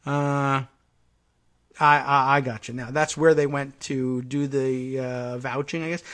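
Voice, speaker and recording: A man's voice: mid-range voice, fairly even intonation, a little slow, fairly bright tone. A man hosting a political talk show, reading news articles aloud with sardonic asides and many fillers. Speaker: political talk radio host.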